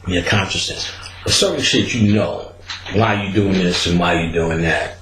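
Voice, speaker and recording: Casting note: podcast host, male, animated storyteller, roomy echoey sound. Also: normal speed, slight background noise. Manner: animated, acts out quotes with big pitch jumps and laughter. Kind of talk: casual storytelling.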